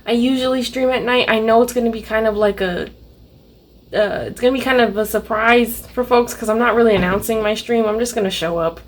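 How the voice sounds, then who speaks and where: In her home art studio, a young adult woman vlogs casually about her art, her speech packed with "like" fillers as she swears and rants between laughs. Her voice sits on the high side and moves a little fast, with faint background music.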